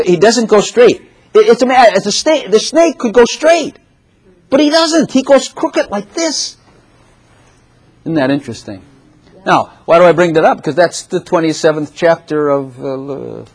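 A man preaching a sermon in a lively, animated way, often laughing and acting out the voices of the people in the story. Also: medium pitch, slightly rough.

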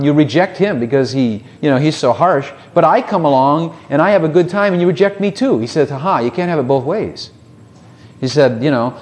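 A man's voice: on the high side, animated, moderate pace, darkish tone. A man preaching a sermon in a conversational way, with many rhetorical questions and short mocking voices.

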